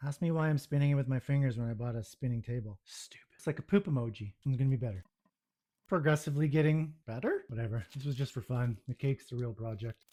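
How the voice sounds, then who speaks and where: A man's voice: medium pitch, fast, warm tone. A man narrating his own home baking video, muttering to himself with self-deprecating exasperation as things go wrong in his kitchen.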